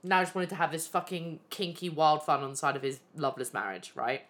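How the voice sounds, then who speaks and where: A young woman hosting a podcast, telling frank, animated stories full of swearing and fillers. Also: low voice, brisk. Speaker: podcast host. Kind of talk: candid casual storytelling.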